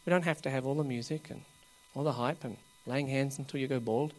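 A man preaching at a revival meeting, laughing often as he coaxes the crowd and rises to loud bursts. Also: mid-range voice, fairly quick.

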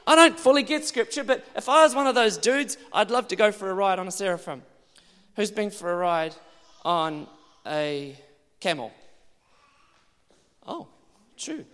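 A male preacher giving an animated sermon, now and then bursting into loud exclamations. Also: high-pitched, unhurried, long pauses. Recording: long hall reverb.

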